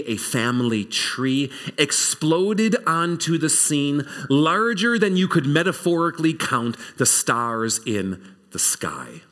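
A man preaching a sermon, telling the story in an animated, conversational way. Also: medium pitch. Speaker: pastor.

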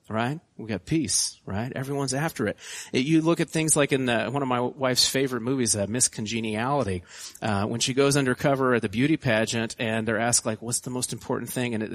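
A man's voice: medium pitch, dry recording. A man in his thirties preaching a sermon in a conversational, self-deprecating way, often restarting his sentences and adding asides to the congregation.

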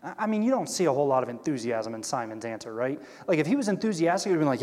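A man's voice: fairly high pitch, sing-song, quick pace, few pauses, darkish tone. Guy teaching a bible study, chatty, keeps asking "right?", long reverb on the voice. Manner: conversational, checks in with "right?" and "okay?"; acts out quoted characters with shifting voice.

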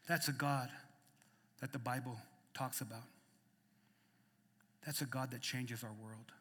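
A man pastor preaching a sermon with passion, swinging between loud emphatic peaks and quiet intimate passages. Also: mid-range voice. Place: church sanctuary. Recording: long reverb of a church hall.

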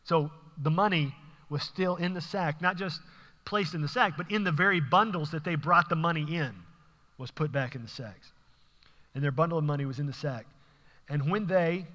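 A man's voice: a little high, bright, forceful tone, long reverb tail. A man preaching, reading scripture verses aloud and explaining them in a conversational, emphatic way. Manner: conversational, emphatic, occasional laughs. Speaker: pastor.

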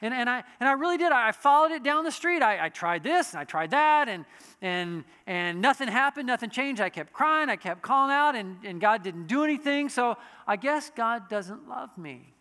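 A man's voice: extremely high pitch, expressive, normal speed, sharp tone, in a large hall. A man preaching a sermon in a conversational way, with frequent restarts and asides. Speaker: pastor.

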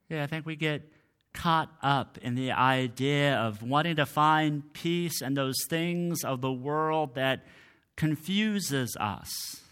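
A man preaching a sermon as pastor, deliberate, his voice trailing off softly at the ends of phrases. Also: a little high, smooth.

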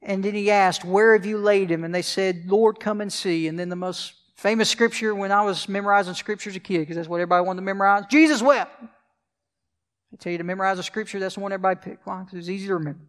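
A man's voice: sits high, fairly even intonation, quick pace, long reverb tail. A male pastor preaching a sermon, asking the congregation questions as he goes.

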